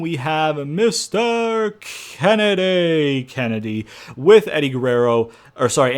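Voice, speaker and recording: A young man casually narrating storylines for his game-mode series, rambling with lots of fillers and the odd curse. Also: medium pitch. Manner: rambling, filler-heavy, profane. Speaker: video game channel host.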